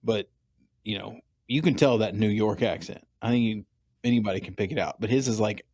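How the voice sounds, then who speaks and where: Male podcast host, low and relaxed, dry close sound. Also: a little fast, slightly rough, dry recording. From Oklahoma or Texas. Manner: easygoing, laughs often. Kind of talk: casual interview chat.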